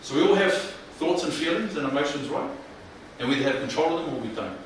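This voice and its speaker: A man leading a mental health workshop, speaking in a colloquial, animated way and often questioning the audience. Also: fairly high pitch, fast. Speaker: workshop presenter. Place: room with live audience. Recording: echoey room, distant mic, faint noise.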